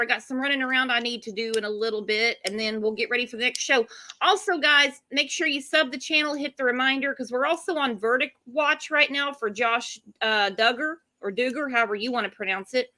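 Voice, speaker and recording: A woman's voice: sits high, pushed and bright. A woman hosting a true-crime live stream, chatting casually with guests and her chat audience. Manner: chatty, fast asides to chat. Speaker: livestream host.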